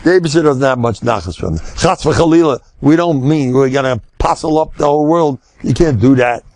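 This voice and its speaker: An older American man, a rabbi, giving a lively Torah lecture on faith, storytelling with sudden high exclamations and Yiddish and Hebrew words mixed in. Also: brisk, no room sound.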